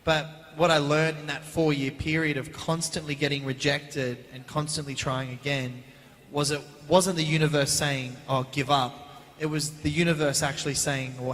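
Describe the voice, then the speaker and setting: A man, answering fan questions as a guest actor on a convention panel, chatty and animated, recorded on a handheld mic in a large hall. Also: medium pitch. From Australia. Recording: reverberant hall.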